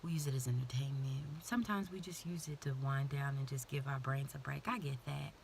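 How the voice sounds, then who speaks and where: Low gravelly woman, lilt. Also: steady tone, brisk, slight background noise. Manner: warm, intimate, drifts into soft whispers. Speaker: vlogger. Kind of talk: casual motivational talk to camera.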